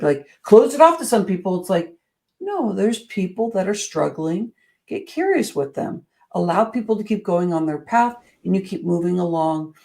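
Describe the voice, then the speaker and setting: A woman giving an earnest, expressive motivational talk as a coach, moving between soft, slow passages and lively emphatic ones. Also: fairly low pitch, vocal fry. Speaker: speaker and coach.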